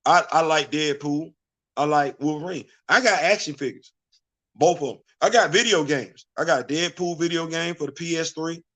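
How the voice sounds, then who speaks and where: A man's voice: on the high side, normal speed, fairly bright tone. Emphatic, preachy male vlogger. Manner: emphatic, repetitive, preachy rhetorical questions. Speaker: vlog host. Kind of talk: casual opinion commentary.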